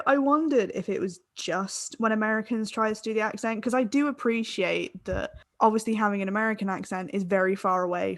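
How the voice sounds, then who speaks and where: A woman's voice: medium pitch, dry recording. A woman co-hosting a podcast, rambling through casual tipsy chat with lots of laughs and the odd swear word. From Ireland. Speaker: podcast co-host. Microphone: desk microphone.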